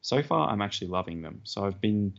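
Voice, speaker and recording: A man's voice: lowish voice, expressive, brisk, creaky. A man co-hosting a podcast, telling a self-deprecating story in casual chat. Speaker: podcast co-host. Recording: dull lo-fi podcast audio.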